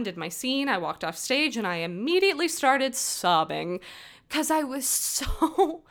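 A woman's voice: fairly high pitch, fairly bright tone. A woman in her twenties hosting a podcast, earnestly telling a personal story in a rambling, self-correcting way. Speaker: podcast host.

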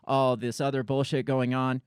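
A man's voice: medium pitch, level tone, moderate pace, clean tone, no echo, clean studio sound. A man hosting a casual political podcast, rambling and blunt, swearing offhandedly. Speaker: podcast host.

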